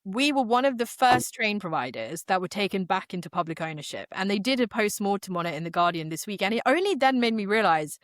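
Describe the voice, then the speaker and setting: A woman's voice: medium pitch, lively intonation, fast, hardly any pauses, no echo, studio quality. A young English woman co-hosting a podcast, chatting in an emphatic, slangy way. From England. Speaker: podcast co-host. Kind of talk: casual chat.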